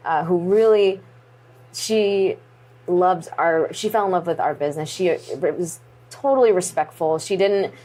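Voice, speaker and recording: A woman in her thirties, a guest in an interview, telling a story in a lively way and acting out what people said. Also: on the low side, measured pace. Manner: animated, acts out quoted dialogue.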